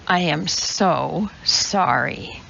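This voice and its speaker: A woman's voice: medium pitch, animated, a bit bright, dull audio. A woman reading an audiobook, voicing a flustered, embarrassed male scientist who is ill and talks weakly. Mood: sheepish. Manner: weak, embarrassed, halting.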